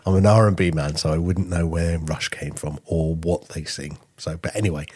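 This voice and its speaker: A man co-hosting a podcast, bantering in a relaxed, joking way. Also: low-pitched, normal speed, slightly rough, dry recording. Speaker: podcast co-host. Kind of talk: casual podcast chat.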